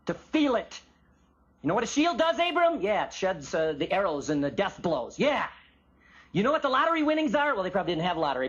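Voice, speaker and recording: A man giving an animated Bible teaching and acting out the voices of biblical figures. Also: sits high, husky. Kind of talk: teaching sermon with acted quotes. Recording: muffled lo-fi recording of a talk.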